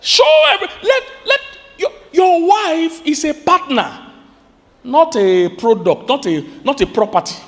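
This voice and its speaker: High-voiced Nigerian pastor preaching. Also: male voice, measured pace, big-room sound. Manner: animated preaching with sudden high-pitched outbursts; asks the congregation questions. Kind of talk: sermon.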